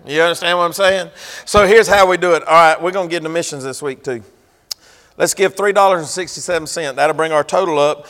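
Pastor, man, drawl, high voice, preaches folksy and teasing, loud bursts then quiet asides; reverberant church hall. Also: brisk. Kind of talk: sermon.

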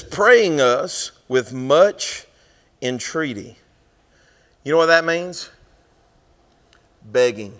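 High-voiced preacher in a hall. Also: male voice. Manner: folksy preaching, swinging from loud to hushed. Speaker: pastor. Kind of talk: sermon.

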